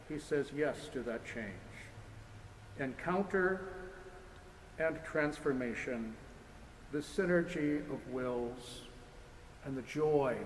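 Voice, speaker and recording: A man, a priest giving a lecture sermon in a church, speaking with impassioned, repetitive rhetorical build-ups. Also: mid-range voice. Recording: echoey church hall with faint noise.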